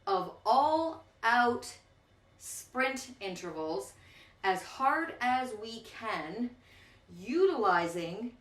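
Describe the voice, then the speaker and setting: A woman's voice: a little high, fairly bright tone, distant mic. An out-of-breath woman, a spin instructor, coaching a bike workout and counting down intervals with encouragement. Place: indoors on an exercise bike. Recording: echoey room, voice off-mic.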